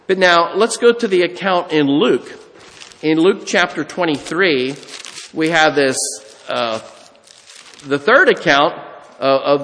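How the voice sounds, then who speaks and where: A man's voice: high voice, a bit bright, in a large hall. A man preaching a sermon, earnest, reading scripture aloud and acting out the quotes, his voice climbing when he is moved.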